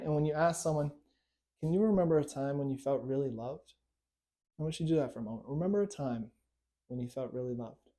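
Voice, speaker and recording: A man's voice: medium pitch, mellow. A man, a hypnotist and coach, giving a conversational lesson to camera and checking in often with "right?" and "okay?". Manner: conversational, repeating tag questions like right and okay. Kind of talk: instructional talk to camera.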